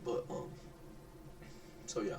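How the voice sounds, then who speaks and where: A sick man rambles through a joking reaction commentary, trailing off and circling back to his point. His voice sits a little away from the mic, and a steady rumble runs beneath it. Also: takes it slowly. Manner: rambling, trails off and restarts mid-thought. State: sick, voice affected by illness. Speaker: reaction video host. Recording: distant mic with clear rumbling noise.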